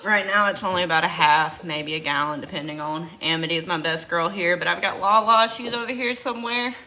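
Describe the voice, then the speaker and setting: A woman's voice: on the low side, brisk, sharp tone, rough recording. A tired woman with a Southern accent chatting casually on a livestream from a barn, greeting viewers by name while she works. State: tired from lack of sleep. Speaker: goat farmer hosting a livestream. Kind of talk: casual live-stream chat.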